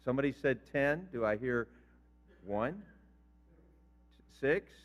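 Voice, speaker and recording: An older pastor with an expressive, mid-range voice takes his time through a conversational sermon, quizzing those in the pews. The church sanctuary recording sounds reverberant, dull and lo-fi.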